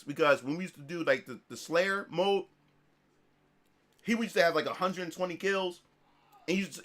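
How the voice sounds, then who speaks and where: Telling a story to his livestream viewers, a streamer whose voice is on the high side stays casual and animated. His speech is profane and full of restarts.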